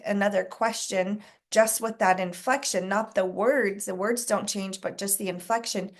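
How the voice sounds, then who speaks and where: A woman leading a casual sales coaching call, talking to a group, asking them questions and clearing her throat often. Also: medium pitch.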